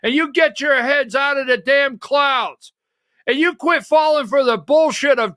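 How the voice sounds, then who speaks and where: A man with a very high, bright, forceful voice rants through his political commentary livestream. He swears freely and breaks into angry shouts. His voice sounds close and dry. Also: moderate pace, no room sound. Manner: fiery, profane ranting with shouted outbursts. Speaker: political commentary show host.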